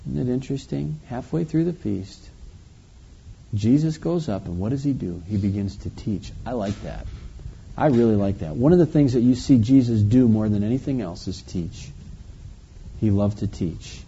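A man preaching, reading scripture aloud slowly and then explaining it in a conversational way. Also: medium pitch, gravelly, dark tone, breathy edge. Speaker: pastor. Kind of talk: verse-by-verse Bible teaching. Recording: dull lo-fi recording.

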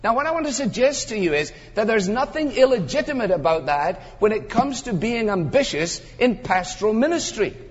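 An older man preaching an expository sermon, emphatic and wry, building to animated high points. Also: brisk, hardly any pauses. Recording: muffled sound with long hall reverb.

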